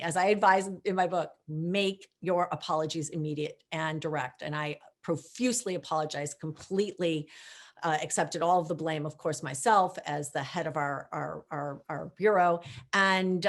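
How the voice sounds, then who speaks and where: A middle-aged woman from the United States, a guest at a virtual event, telling lively anecdotes and acting out the voices of people she quotes. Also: deep voice, moderate pace. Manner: animated, acts out quoted voices. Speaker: guest speaker, former protocol chief. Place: video call.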